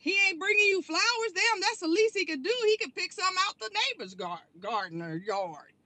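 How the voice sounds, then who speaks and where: Woman vlogger, high pitch, bright tone, blunt and profane rant. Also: very animated, brisk, no room sound. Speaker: online commentary creator. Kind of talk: angry rant vlog.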